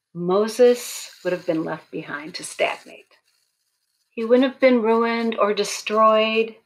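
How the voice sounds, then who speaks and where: A woman preaching at a college baccalaureate service, telling a story in a conversational, humorous way. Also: medium pitch. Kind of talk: sermon.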